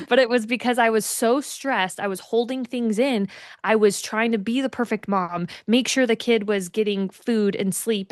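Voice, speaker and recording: A woman's voice: mid-range voice, no echo, studio quality. A young adult woman, a mother, co-hosting a casual podcast and sharing personal stories earnestly. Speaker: podcast co-host.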